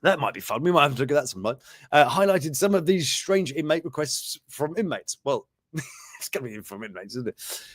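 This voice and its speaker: A man's voice: fairly high pitch, big pitch swings, a little fast, no echo, studio quality. A man hosting a show, rambling through news items in casual commentary, chuckling and breaking off mid-sentence. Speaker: show host.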